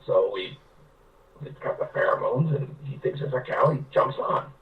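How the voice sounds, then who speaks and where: A man voicing a blunt, gravelly old male rancher with a heavy Basque accent. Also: mid-range voice, lively intonation, moderate pace, distant mic, phone-quality sound, lightly acted. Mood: matter-of-fact.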